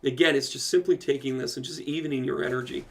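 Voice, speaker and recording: A man's voice: medium pitch, steady tone, quick pace, a bit bright, a little hiss or hum. A man hosting a casual livestream Q&A as a medium, reading out viewer comments and answering them with playful asides. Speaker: medium answering live chat questions.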